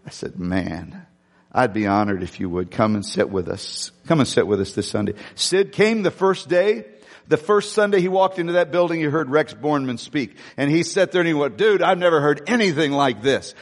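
Candid preacher in an echoing hall. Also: male voice, medium pitch. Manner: emotional, candid storytelling with wide swings from loud to hushed. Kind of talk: sermon testimony.

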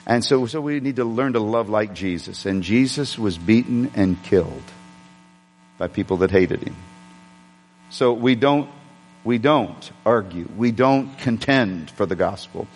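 A man's voice: medium pitch, normal speed. Man preaching in an echoing church. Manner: conversational storytelling with frequent restarts. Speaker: pastor. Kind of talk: sermon.

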